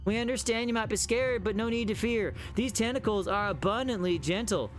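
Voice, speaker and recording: A man voicing a creepy plant monster that speaks in a put-on Southern US drawl, slow and fumbling. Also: high-pitched, faint music behind, pitched above the performer's own voice, close to an everyday voice.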